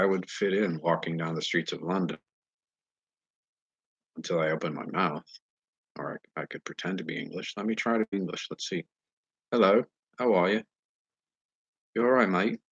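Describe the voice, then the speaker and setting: A man talking straight to his viewers in a casual monologue, earnest and halting as he searches for words. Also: low-pitched, fairly even intonation, creaky, fairly bright tone, husky, no echo. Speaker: vlogger addressing viewers. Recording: dull lo-fi recording.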